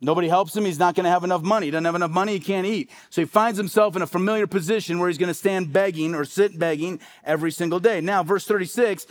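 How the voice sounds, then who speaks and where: High-voiced male pastor, conversational sermon, many rhetorical questions. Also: fast, few pauses.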